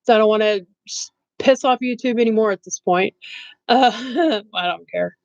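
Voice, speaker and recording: A woman's voice: fairly high pitch, normal speed, darkish tone, no echo, lo-fi sound. A middle-aged woman chatting casually on a live stream, blunt and rambling, laughing often and saying she has no filter. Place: bedroom at home.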